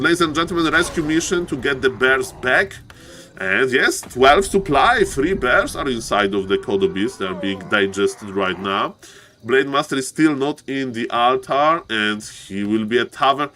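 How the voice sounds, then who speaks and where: Excitable male game caster. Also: slight background noise. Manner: excitable, jumps to high yelps at big plays; keeps repeating "ladies and gentlemen". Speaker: esports caster. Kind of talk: live game commentary.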